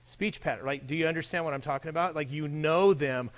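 Male pastor, relaxed sermon delivery, speaks straight to the congregation, pitch a touch high. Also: quick pace. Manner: conversational, addresses the audience directly.

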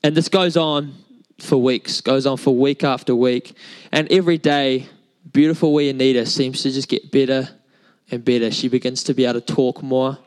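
A young New Zealander preaches a sermon at a church service, telling stories in a casual, chatty way with many fillers. He has a medium-pitched voice with fairly even intonation at normal speed, and the recording is rough.

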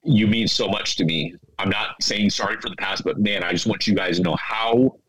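A man talking through tears to his former teammates, stumbling and repeating words as emotion rushes in. His voice sits a little low, and the delivery is raw and heartfelt rather than polished. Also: fairly bright tone, breathy edge, dry recording, poor audio. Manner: choked up, halting, repeats himself. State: tearful.

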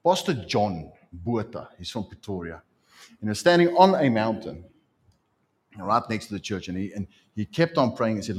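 A man preaching a sermon as pastor, in an animated, conversational way. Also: on the low side, normal speed.

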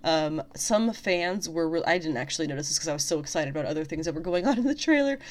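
A woman talking casually about a show trailer, full of fillers and restarts, openly excited. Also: deep voice. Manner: chatty, lots of fillers and self-corrections; excited and enthusiastic. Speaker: fantasy fan video host.

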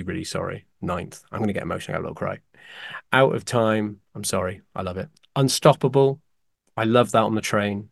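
A man co-hosting a casual podcast, excitedly ranking favourite films with dramatic apologies along the way. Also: on the low side, no room sound, clean studio sound. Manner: animated, excitable, apologetic asides. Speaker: podcast co-host.

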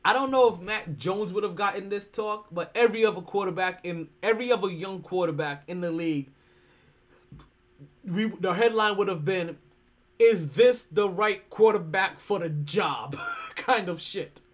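A sports podcast host ranting in casual commentary, profane and animated, jumping from loud outbursts to hushed asides. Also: mid-range voice, normal speed.

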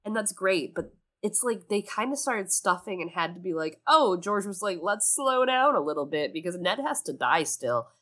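A woman co-hosting a casual book discussion podcast, animated and sarcastic, swearing freely. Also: medium pitch, normal speed. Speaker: podcast co-host.

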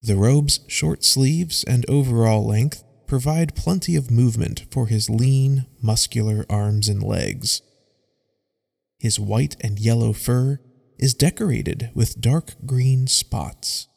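A man narrating a scripted fantasy story at an unhurried pace, his voice gravelly with vocal fry. The recording carries a long, hall-like reverb. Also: mid-range voice, a little mellow. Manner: reads scene directions aloud, measured.

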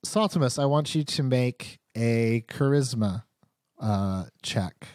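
A man's voice: medium pitch, expressive, slow, a little mellow, no echo, clean studio sound. A man narrating a tabletop game as game master, teasing his players in a playful way.

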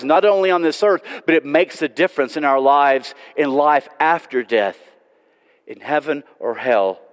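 Man, pastor giving a Sunday sermon, earnest pleading delivery, long church reverb. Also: medium pitch. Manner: pleading, earnest, swings from loud to hushed. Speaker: preacher. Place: church sanctuary.

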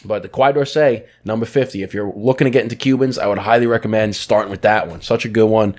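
A man's voice: fairly low pitch, fairly even intonation, fast, darkish tone. A man co-hosting a podcast, talking with enthusiasm and describing flavors in detail. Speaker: podcast co-host. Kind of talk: casual chat.

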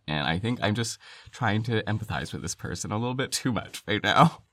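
Male podcast co-host, bright tone, lively anecdotal chat. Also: lowish voice, no echo. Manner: animated storytelling, quick laughs. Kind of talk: casual chat.

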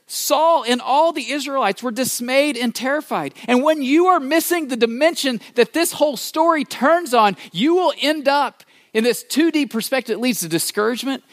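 A male pastor preaching a sermon in a fairly high voice, retelling the story with playful acted-out asides. He swings between loud emphasis and soft, hushed moments. The recording is dry and close, with little room sound. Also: no room sound.

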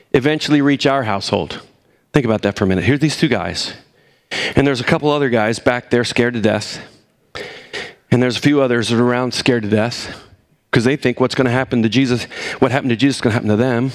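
A man preaching a sermon, animated, swinging between emphatic points and low, quiet asides. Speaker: pastor.

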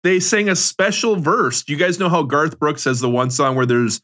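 A man's voice: fairly high pitch, normal speed, a bit bright. A man co-hosting a podcast, telling a laid-back story in casual chat. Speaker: podcast co-host.

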